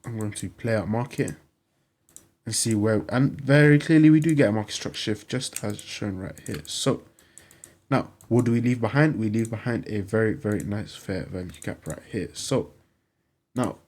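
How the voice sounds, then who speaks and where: Low-voiced man walking through a chart tutorial. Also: a little mellow. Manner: repetitive, plainly instructive, upbeat pitch. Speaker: trading channel host. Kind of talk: screen-recorded tutorial walkthrough.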